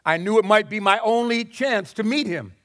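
A male preacher voicing a calm, assured man who was once blind and now tells his story patiently. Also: sits high, moderate pace. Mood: storytelling.

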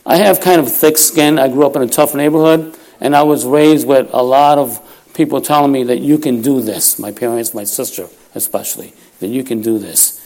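The voice is medium-pitched, a little mellow and steady, moving at a normal speed with hardly any pauses. It belongs to a lay preacher in his fifties of Puerto Rican heritage who preaches a storytelling sermon in church, folksy and self-deprecating, laughing often.

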